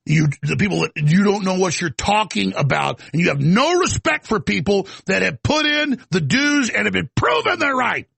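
A middle-aged man hosting a radio talk show, ranting and shouting with a gravelly, raspy voice. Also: high voice, lively intonation, no echo. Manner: shouting, ranting, fast restarts. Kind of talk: heated on-air rant and call-in.

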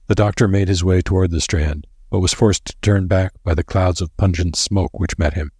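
Deep husky guy reading a story, steady pace, dry close mic. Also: moderate pace, no room sound. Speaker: narrator. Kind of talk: scripted narration.

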